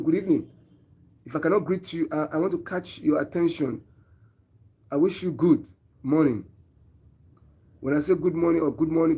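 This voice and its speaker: Nigerian guy on his own show, mellow husky voice, preachy and earnest, keeps asking viewers what they think. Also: fairly high pitch. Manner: earnest, preachy, asks viewers rhetorical questions. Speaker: online show host. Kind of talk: opinion monologue to viewers.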